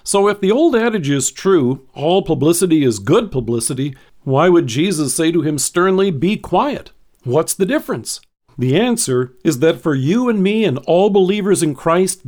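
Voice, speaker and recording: Man, devotional reading, measured, earnest, slightly raised pitch. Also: expressive, darkish tone. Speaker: devotion speaker.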